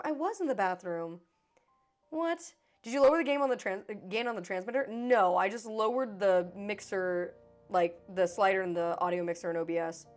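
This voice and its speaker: A young woman livestreaming, chatting casually and excitably with chat and a friend, swearing freely and joking around. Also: medium pitch. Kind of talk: casual live-stream chat.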